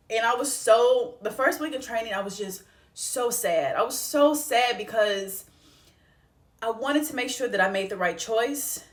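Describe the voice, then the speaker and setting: A young woman vlogger telling a heartfelt personal story in a casual, conversational way, close to tears at times. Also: mid-range voice. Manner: tearful, heartfelt, conversational with slang. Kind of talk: emotional personal storytelling vlog.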